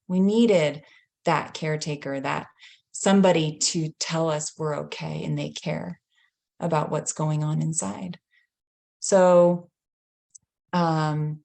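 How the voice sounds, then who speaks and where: A woman in her thirties, a healing coach, talking gently and reflectively and sharing a story from her own family life. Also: on the low side. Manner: gentle, reflective, laughs lightly between thoughts. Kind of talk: casual teaching talk with personal story.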